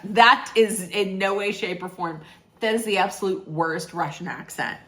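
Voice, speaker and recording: A woman's voice: medium pitch, measured pace, fairly bright tone. A woman recapping a reality show in a chatty, sarcastic way, with laughing asides. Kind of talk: casual chat recap.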